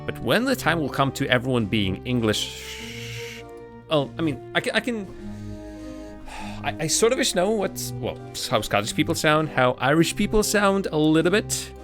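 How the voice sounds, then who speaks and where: A man's voice: on the high side, sing-song, moderate pace, music in the background. A man streaming a game live, thinking aloud in casual commentary with frequent restarts.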